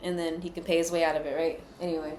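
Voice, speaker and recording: A woman's voice: low voice, flat delivery, rapid-fire, a little mellow, echoey room, a little hiss or hum. A woman giving a casual tarot reading, chatty, loose and full of profanity. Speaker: tarot card reader.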